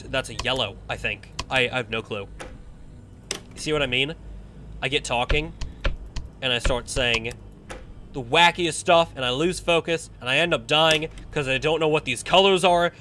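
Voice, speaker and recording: Bright-voiced young man commentating a game. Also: fairly high pitch, slight background noise. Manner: chatty, talks to the game characters, bursts into excited shouts. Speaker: gameplay commentator. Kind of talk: casual let's-play commentary.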